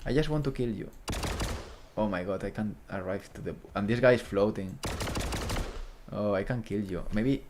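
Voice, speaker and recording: A man with streaming live commentary as he tests his own game, talking to enemies and swinging from loud to muttered. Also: lowish voice, moderate pace, long pauses, noisy background.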